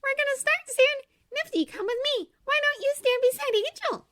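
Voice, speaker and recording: A woman voicing an eager, bossy young princess in a fan-made audio story, speaking high, bright and insistent. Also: moderate pace.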